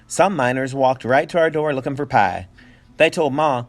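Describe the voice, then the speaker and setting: A male teacher reading a picture book aloud with animated storytelling and playful asides. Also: mid-range voice, normal speed, faint music behind.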